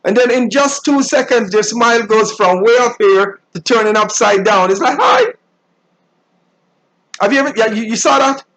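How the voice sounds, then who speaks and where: High-pitched guy ranting on his talk show, animated and preachy, acts out people in squeaky voices. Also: fairly quick, few pauses, poor audio. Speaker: show host. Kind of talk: solo talk show monologue.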